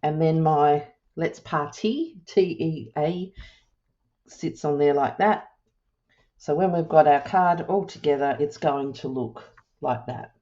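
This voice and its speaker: Low-voiced woman demonstrating a craft. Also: slow pace, dull audio. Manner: relaxed, chatty, thinking aloud with ums and self-corrections. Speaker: crafting tutorial host. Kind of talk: casual step-by-step demonstration.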